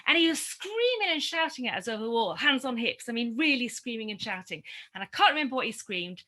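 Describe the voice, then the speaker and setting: A middle-aged woman telling a reflective personal story in a group conversation, animated and often laughing. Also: fairly high pitch, fast. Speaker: community discussion participant.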